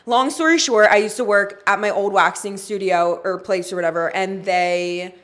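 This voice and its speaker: A woman's voice: mid-range voice, normal speed. A woman in her twenties, a podcast co-host and waxing specialist, talking in a chatty, casual way with many "like" fillers. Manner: chatty, fills speech with "like". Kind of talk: casual chat.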